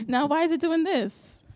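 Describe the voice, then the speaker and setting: A woman's voice: extremely high pitch, darkish tone, big-room sound. A woman hosting a live open mic, chatty and teasing, on a handheld stage mic. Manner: playful, chatty, teasing the crowd. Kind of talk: casual stage banter and introductions. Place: live indoor stage before an audience.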